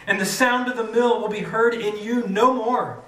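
A man's voice: sits high, fairly even intonation, moderate pace, a bit bright. A man preaching a sermon, reading scripture aloud with dramatic rises on the quoted cries. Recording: echoey room, mic from a distance.

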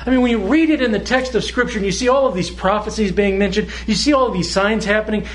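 A man preaching a sermon as pastor, earnest, slowing down for emphasis and sometimes repeating words as he searches for them. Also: sits high.

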